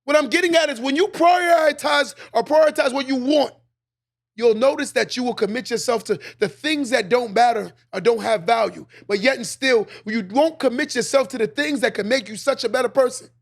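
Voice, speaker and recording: High gravelly guy, preaching hard on his podcast, repeats himself for punch. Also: brisk. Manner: preachy, emphatic, repeats lines for effect. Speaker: podcast host. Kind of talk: motivational monologue.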